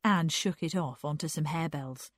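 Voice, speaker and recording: A woman narrating a literary story aloud in an unhurried, expressive reading. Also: sits low, no room sound.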